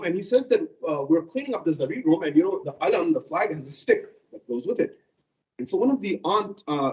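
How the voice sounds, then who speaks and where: A man's voice: sits high, a little mellow, recorded from a distance, highs cut off. A man giving a conversational Muharram sermon, telling stories and acting out quotes. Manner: conversational, storytelling with acted quotes. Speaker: speaker at a religious center.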